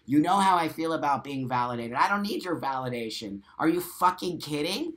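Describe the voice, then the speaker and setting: A man's voice: fairly high pitch, lively intonation, brisk, fairly bright tone. A middle-aged man hosting a casual live stream, reading viewer comments aloud and answering in a blunt, profane, emphatic way.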